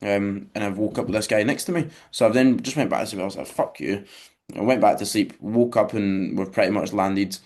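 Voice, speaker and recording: Young male co-host, lowish voice, relaxed anecdote teller, swears casually. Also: fast talker, few pauses. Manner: laid-back, sweary anecdote telling. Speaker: podcast co-host. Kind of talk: casual chat.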